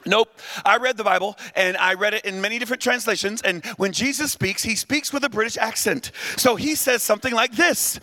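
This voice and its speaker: A middle-aged man preaching a lively, humorous sermon, shouting at peaks and drawing the crowd to answer back. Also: extremely high pitch, moderate pace. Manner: animated, humorous, shouts at peaks, invites responses. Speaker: guest preacher.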